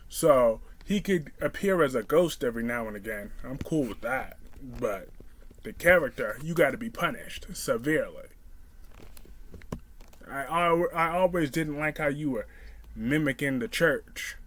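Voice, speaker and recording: A man reviewing a soap opera episode on his vlog, ranting in a heated, profane way and talking straight at a character. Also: medium pitch. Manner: animated, talks straight at the character. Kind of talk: casual vlog commentary.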